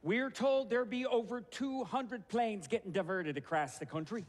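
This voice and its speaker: An actor playing a firm air traffic controller, brisk and commanding, in a musical cast recording. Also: male voice, high voice. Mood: informative. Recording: reverberant stage recording with music.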